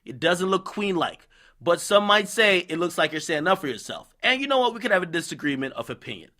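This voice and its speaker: A man giving casual, profane commentary on posts he reads out, talking bluntly and excitably. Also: high voice, fast talker. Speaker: gossip commentator.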